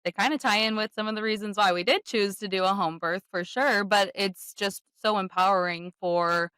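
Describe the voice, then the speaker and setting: A young mother speaks as a podcast guest and tells her story in a lively, animated way. Her pace quickens when she gets going, and she laughs often. The recording is close and dry, with no room sound. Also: medium pitch, clear, resonant tone, no echo. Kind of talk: casual interview chat.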